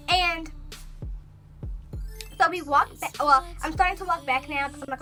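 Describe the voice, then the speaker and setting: A young woman vlogger telling a personal story in a casual, animated way, full of fillers and quoted thoughts. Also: sits high, faint music behind. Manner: animated, talks fast with many fillers.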